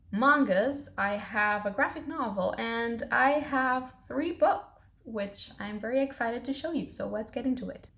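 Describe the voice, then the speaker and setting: Fast-talking bubbly book vlogger woman. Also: medium pitch. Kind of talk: casual book haul chat. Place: at home, in pajamas.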